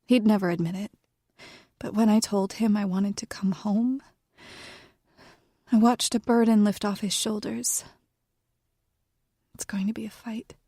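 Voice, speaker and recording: A woman voicing a guarded, weary young woman in a whispered role-play, speaking in a soft, hushed way. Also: medium pitch, steady tone, a little slow, long pauses, no room sound, studio quality.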